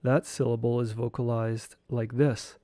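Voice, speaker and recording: Slow, measured man reading a lecture. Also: mid-range voice, little pitch movement, mellow, no echo, clean studio sound. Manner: slow, measured reading with chanted mantra syllables. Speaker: teacher of esoteric studies. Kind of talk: reading a lecture text aloud.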